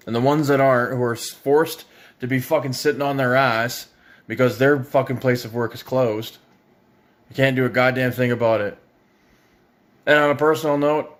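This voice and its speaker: Angry, foul-mouthed man from Ontario. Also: mid-range voice. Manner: angry, sarcastic, swears heavily. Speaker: parent ranting on video. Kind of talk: profane political rant.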